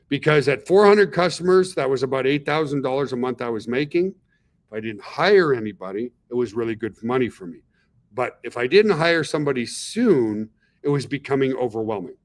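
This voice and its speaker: Middle-aged guy running a webinar, chatty, keeps saying okay and guys. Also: mid-range voice. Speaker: webinar host, company founder. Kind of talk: casual webinar talk.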